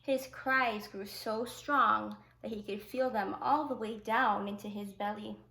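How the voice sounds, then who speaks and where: A woman teacher reading a picture book aloud to children, with gentle asides explaining the story. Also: medium pitch, steady tone, a little slow, creaky. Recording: echoey room.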